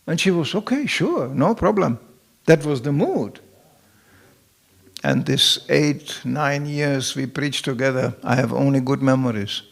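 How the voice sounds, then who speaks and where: A middle-aged man, a temple president, giving a humorous scripture lecture in a temple hall as an animated storyteller who acts out the voices he quotes. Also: medium pitch, a little slow, vocal fry.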